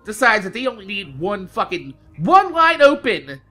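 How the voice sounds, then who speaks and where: A man with a bright, edgy voice tells a rambling story over gameplay, swearing freely and breaking into laughter as he goes. When he quotes himself he slows right down and spells out every word. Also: high-pitched, big pitch swings, soft background music. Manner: profane, loud, laughing through his own story. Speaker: gaming video host.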